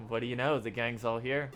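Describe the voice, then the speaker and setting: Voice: medium pitch, steady tone, normal speed, fairly bright tone, slight background noise. A streamer reading every character's dialogue from a video game aloud during a live playthrough, with laughing asides in between.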